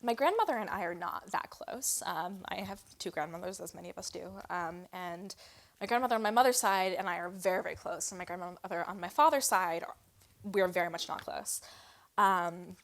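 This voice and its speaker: A young woman reading her poems aloud, with soft hushed line endings and chatty introductions full of fillers. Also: lowish voice, brisk. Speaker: poet reading her work. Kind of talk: poetry reading with spoken introductions.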